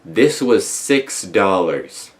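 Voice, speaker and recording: Rambling young man with a lowish voice. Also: very animated, drawn-out words. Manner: rambling and chatty, many restarts and fillers; swaps swear words for mild substitutes. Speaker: classic TV reviewer. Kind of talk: casual rambling vlog. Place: at home, indoors.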